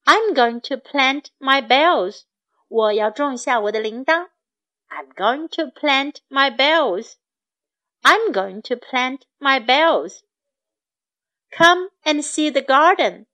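A woman reading a storybook aloud to children, her voice high. She takes her time and repeats each phrase clearly for young learners. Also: animated, slow, bright, forceful tone. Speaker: storyteller and English tutor for children.

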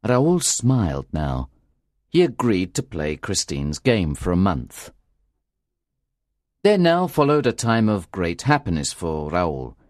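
A man narrating a graded reader story in a slow, clear and expressive way. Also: deep voice, no echo, clean studio sound. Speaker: audiobook narrator.

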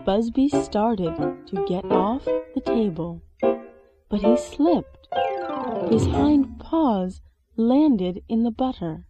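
Slow expressive woman reading a storybook. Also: mid-range voice, highs cut off. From China. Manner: expressive, dramatic sound words. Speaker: English teacher reading a story. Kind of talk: storybook read-aloud. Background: soft music.

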